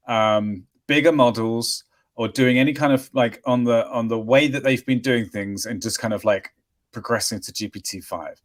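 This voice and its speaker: A man co-hosting a casual tech podcast, chatting loosely and laughing often, recording from a hotel room. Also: mid-range voice. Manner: laughs often, rambling and animated. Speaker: podcast co-host. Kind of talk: casual chat.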